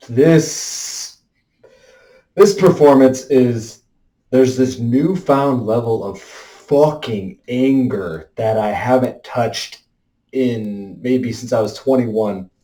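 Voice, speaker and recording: In a roomy, echoing indoor space, a man speaks into a headphone mic with a warm, mid-range voice. His self-expression video is a raw monologue of heavy swearing and bursts of frustrated venting.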